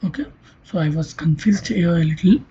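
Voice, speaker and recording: A linguistics lecturer giving an online lesson in a breathy, half-whispered voice, often stopping to ask whether it is clear and correcting themself mid-explanation. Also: medium pitch, normal speed, warm tone. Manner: checks understanding with "Clear?" and "right?". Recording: dull lo-fi recording.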